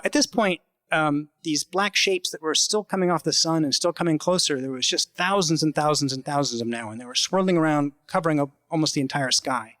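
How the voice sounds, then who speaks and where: A man's voice: a little high, a bit bright, no room sound. Man telling a story, dry close sound. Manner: halting, conversational, acts out quoted voices. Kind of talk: live personal storytelling.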